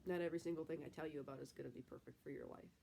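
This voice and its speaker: A young woman from the American Midwest hosts a live stream while nursing a cold, reading comments aloud and rambling casually with heavy use of fillers. Her low, gravelly voice is warm, rapid-fire, and fairly even in intonation, with a Midwestern accent and a little hiss or hum behind it.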